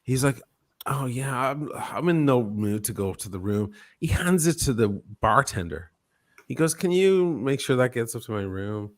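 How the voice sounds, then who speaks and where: A man's voice: mid-range voice, lively intonation, moderate pace. A man hosting a watch channel, telling a casual, profane anecdote on a live stream and acting out the quotes of the people in it.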